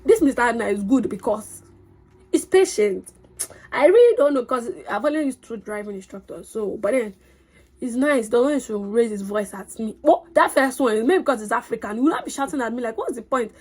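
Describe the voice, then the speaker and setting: A young woman telling a story to her vlog in an excitable, chatty way. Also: on the high side, a little fast, breathy edge. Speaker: vlogger.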